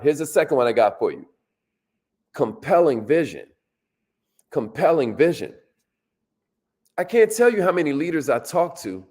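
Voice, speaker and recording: An energetic, casual motivational speaker leads a workshop talk, repeating his lines and calling on listeners to respond. His voice is on the high side.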